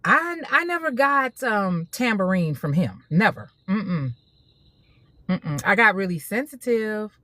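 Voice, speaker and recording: A woman, talking in a casual opinion monologue, animated, laughing often and repeating herself for emphasis. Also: medium pitch, unhurried, dry recording. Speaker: social media host.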